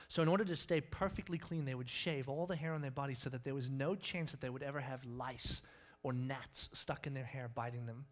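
A man preaching a sermon, animated and playful, acting out scenes with sudden yelps. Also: a little high. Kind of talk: sermon with lively storytelling.

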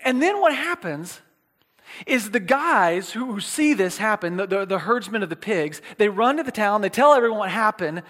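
In a hall with long reverb, a man gives a casual sermon in a high-pitched, animated voice at moderate pace with a fairly bright tone. He checks in with the audience often, restarts phrases and slips in playful asides.

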